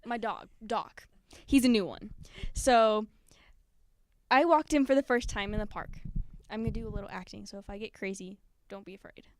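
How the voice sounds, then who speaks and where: A spoken word performer with a mid-range voice tells a personal story at a normal pace on stage at a live community event. She's nervous and giggles, and she animatedly acts out scenes and the quotes along the way.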